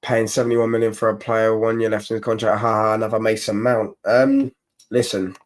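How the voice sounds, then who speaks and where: A man's voice: fairly low pitch, little pitch movement, fairly quick. A young man hosting a casual football live stream, reading chat comments and mocking rival fans in rambling, slangy banter.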